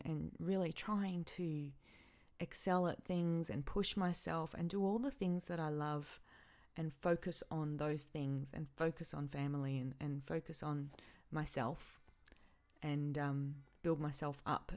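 A woman hosting her own podcast, speaking haltingly and with feeling as she grieves, often stopping and repeating herself. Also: low-pitched, darkish tone. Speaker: podcast host. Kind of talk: personal podcast monologue.

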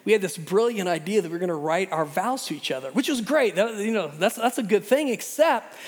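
A middle-aged man preaching from the pulpit, earnest and conversational with a self-deprecating streak. His voice sits fairly high for a man. The sound rings out with the long reverb of a large church hall. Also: animated, fairly quick. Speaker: pastor. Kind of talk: sermon with opening prayer. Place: church sanctuary.

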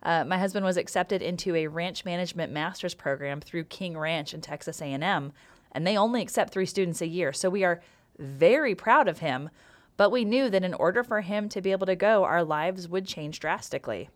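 A middle-aged woman speaks in a slightly low voice on a faith podcast. She tells her story openly, with fillers and a playful sense of humor. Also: brisk. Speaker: podcast co-host.

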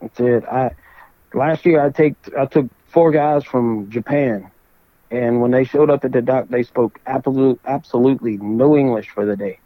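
A man's voice: medium pitch, normal speed, no room sound, highs cut off. A man with a South Louisiana accent, a fishing guide who tells easygoing, joking stories in a casual chat. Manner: easygoing, jokey storyteller.

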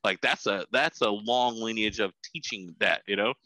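A man's voice: on the low side, normal speed, sharp tone, no room sound, rough recording. A man in casual chat, rambling, repeating his words and laughing between points.

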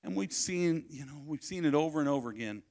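A man preaching a sermon at a family camp, telling a personal story, swinging between loud calls and hushed asides. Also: a little high, animated, fast, creaky.

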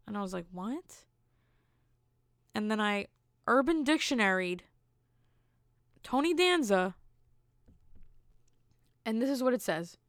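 A woman's voice: fairly high pitch, lively intonation, measured pace, long pauses, dry recording, studio quality. A woman hosting her own podcast, telling stories in a blunt, candid way with incredulous asides. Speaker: podcast host. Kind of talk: casual solo podcast monologue.

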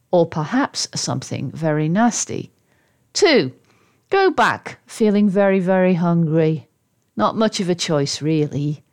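Slow, expressive woman storyteller. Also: on the low side. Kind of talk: storybook read-aloud narration.

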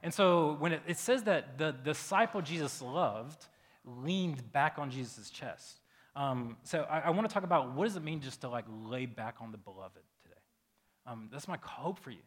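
A man's voice: fairly high pitch, lively intonation, normal speed. A man preaching a casual sermon as pastor, talking loosely and conversationally with lots of fillers.

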